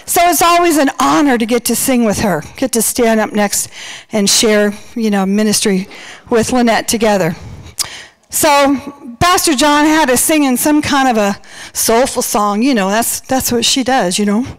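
A woman's voice: a little high, expressive, moderate pace, poor audio. A woman giving a humorous, storytelling wedding toast in a church, a little out of breath. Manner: storytelling with playful quoted voices. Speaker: wedding speaker and church singer.

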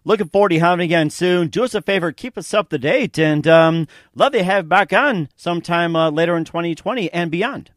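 A man's voice: high-pitched, brisk, few pauses, dry recording, studio quality. A man hosting an interview show, friendly and encouraging as he praises his guest and asks questions. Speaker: talk show host.

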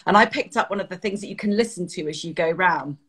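A woman's voice: lowish voice, fast, husky. A woman from Britain, a children's author, talking earnestly and expressively in a casual interview and acting out bits of dialogue. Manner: earnest, expressive, acts out quotes.

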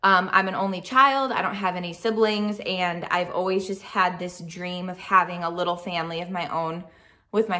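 A young adult woman vlogging in a chatty, excited way, with frequent fillers and restarts. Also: medium pitch. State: speaking softly near a sleeping baby. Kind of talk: casual storytelling vlog.

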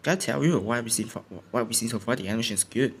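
A young man at home, sleepy from waking up early, rambles through a casual reaction with many restarts. His voice sits at a middle pitch. A faint hum of noise runs under the recording. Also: racing. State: sleepy, just woke up. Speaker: YouTuber reacting to a trailer. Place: home, indoors. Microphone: home recording setup.

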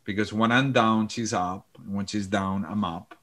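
A man talking as a podcast guest, earnest and warm in content, often repeating and restarting his phrases. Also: fairly low pitch, fairly even intonation, moderate pace. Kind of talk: casual chat.

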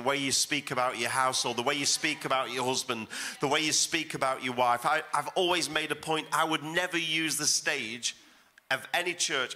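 A middle-aged guest pastor with a sharp, mid-range voice preaches at a church service. The sermon is emphatic, and he repeats phrases for effect.

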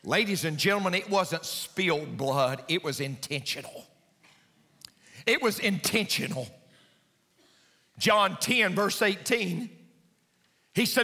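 A man preaching a sermon as pastor in a church, swinging between hushed, low passages and high, intense climbs. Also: lively intonation, slow, pauses often, big-room sound. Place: church sanctuary.

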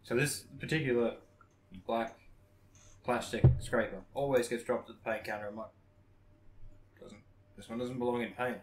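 Podcast co-host: man, mid-pitched, relaxed and wry, roomy echo, faint hiss. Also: moderate pace, pauses often. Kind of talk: casual chat.

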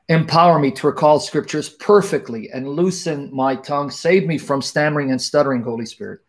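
A middle-aged man hosting a live online talk, joking casually with viewers and then praying fervently in long, repetitive invocations. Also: mid-range voice. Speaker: livestream host.

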